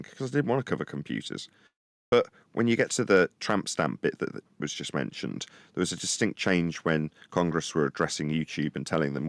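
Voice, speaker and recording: Male co-host, very low voice, dry close sound, rambling and animated. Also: creaky, no room sound. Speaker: podcast co-host. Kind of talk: casual live-stream discussion.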